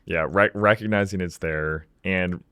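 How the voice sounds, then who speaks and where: Guy hosting a podcast, super deep voice, kinda halting, dry close mic. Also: fairly bright tone, clear, resonant tone, dry recording. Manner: thoughtful, halting with restarts. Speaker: podcast host. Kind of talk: podcast interview.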